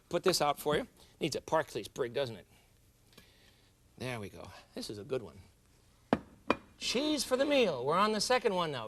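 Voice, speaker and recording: A middle-aged man with a slightly high voice demonstrates a recipe in a studio kitchen. His pitch swings widely as he chats and jokes with the viewers, laughing at himself between steps. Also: fairly bright tone. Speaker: cooking show host. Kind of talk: cooking demonstration.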